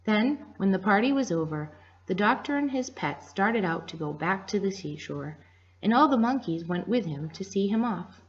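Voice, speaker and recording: A woman reading a children's story aloud to listeners in a gentle storytelling manner, in a dull lo-fi recording. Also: mid-range voice, expressive, normal speed, breathy edge.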